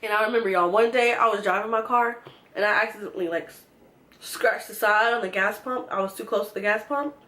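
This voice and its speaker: A woman's voice: mid-range voice, fairly even intonation, fairly quick, pushed and bright. A young woman from Georgia telling a profane, exasperated storytime to her viewers. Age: young adult. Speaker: vlogger. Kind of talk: storytime vlog.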